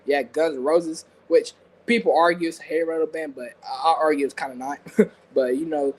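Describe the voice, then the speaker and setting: Rambling high-voiced man chatting. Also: steady tone, a little fast, a little mellow, rough recording. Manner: rambling, filler-heavy, laughs often. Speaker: podcast co-host. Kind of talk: casual chat.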